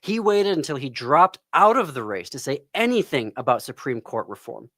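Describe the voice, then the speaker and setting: A man's voice: mid-range voice, big pitch swings, a bit bright. A man hosting a podcast vents at length and sounds close to tears, with sighs and broken-off sentences between the outbursts. His voice sits in a middle register and is recorded close to the mic in a dry room with no echo. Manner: angry, pauses and sighs, near tears. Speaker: podcast host. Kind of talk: impassioned political commentary. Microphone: close studio microphone.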